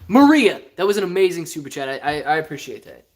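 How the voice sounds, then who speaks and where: A man's voice: on the high side, racing. A man from Ohio hosting a casual live stream, reading viewer comments aloud in a rambling, joking way and often laughing. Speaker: stock livestream host.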